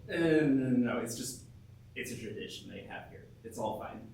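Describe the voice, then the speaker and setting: An actor playing a skeptical, good-natured young man camper in a stage play, dismissive and quick to laugh, sometimes stammering. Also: medium pitch, lively intonation, vocal fry, a little mellow, slight background noise. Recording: roomy stage sound from a distant mic.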